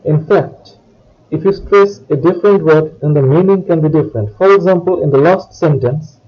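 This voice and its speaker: In a muffled recording, a male French teacher works through a scripted lesson point by point, saying example words and phrases for listeners to repeat. He speaks at normal speed in a higher-leaning voice with a breathy edge.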